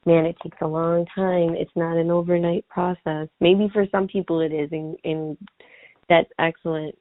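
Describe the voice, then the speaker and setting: A woman with a low, creaky voice is heard on a dry recording over a tinny, phone-like line. As a podcast guest she chats casually and reflectively, rambling as she thinks aloud and saying "like" often.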